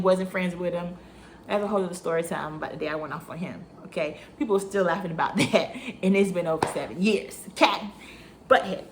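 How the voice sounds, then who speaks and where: A woman in her thirties from Florida, casually telling a workplace story and acting out the dialogue with animated bursts. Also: mid-range voice, a little hiss or hum. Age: 30s.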